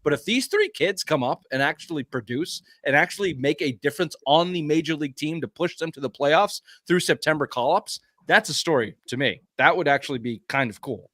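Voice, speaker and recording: A man's voice: fairly high pitch, lively intonation, a little fast, hardly any pauses, a bit bright, no room sound, studio quality. A man hosting a sports talk podcast, ranting emphatically and swearing often in casual heated chat.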